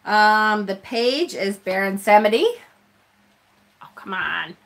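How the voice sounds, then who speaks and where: A woman's voice: medium pitch, slow, a bit bright. A woman hosting a casual live stream, chatting with viewers as she unboxes a tarot deck, self-deprecating and laughing often.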